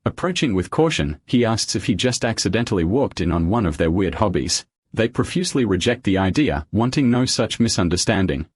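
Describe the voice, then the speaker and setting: A man narrating a comic recap in a steady, scripted storytelling voice. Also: fairly low pitch, brisk, hardly any pauses, breathy edge, no room sound, studio quality.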